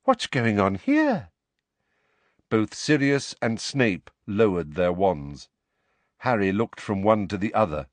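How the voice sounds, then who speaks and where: Low, lively male audiobook narrator. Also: no room sound. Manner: expressive storytelling reading.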